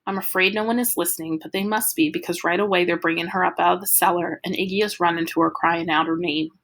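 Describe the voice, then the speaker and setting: Bright-voiced woman narrating an audiobook. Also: fairly low pitch, fairly even intonation, quick pace, poor audio. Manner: vivid, dramatic storytelling. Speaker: audiobook reader. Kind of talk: first-person audiobook narration.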